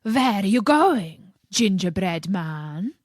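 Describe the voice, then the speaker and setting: A woman's voice: mid-range voice, sing-song, slow, no echo, studio quality. A woman doing a snarling storybook wolf. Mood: menacing. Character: snarling menacing male wolf.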